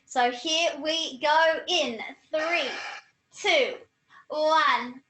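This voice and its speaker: A woman, hosting a live educational webinar in a slow, friendly way. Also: sits high, bright, forceful tone, roomy sound, rough recording. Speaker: education host.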